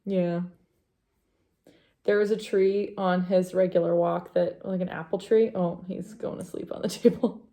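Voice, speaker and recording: A young woman hosts a knitting vlog and chats to camera in a loose, rambling way, full of fillers and asides to her dog. Her voice sits fairly low, with a dark, mellow tone and a lot of vocal fry. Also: steady tone, measured pace. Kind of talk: casual chat to camera.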